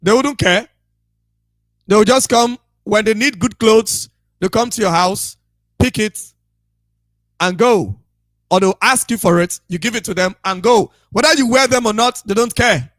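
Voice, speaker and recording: A man's voice: high-pitched, unhurried, long pauses, fairly bright tone, no room sound, clean studio sound. A man, giving a repetitive, emphatic and scolding preaching monologue as a radio broadcaster.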